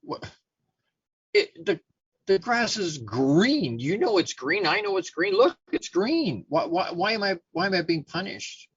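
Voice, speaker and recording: A man's voice: high voice, big pitch swings, measured pace, breathy edge, no room sound, voice pushed up, full character voice. Brief: man putting on a frustrated tiger in a told fable, raised and pleading, dry dull sound. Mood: exasperated. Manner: indignant, pleading. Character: exasperated male tiger in a fable.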